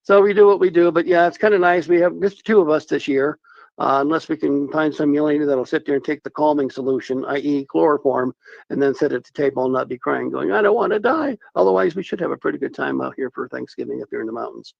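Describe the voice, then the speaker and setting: Male radio caller, gravelly, dry and muffled phone line, rambling and joking. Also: fairly high pitch, steady tone, quick pace, no room sound. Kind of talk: casual phone-in chat. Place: mountain home. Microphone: telephone.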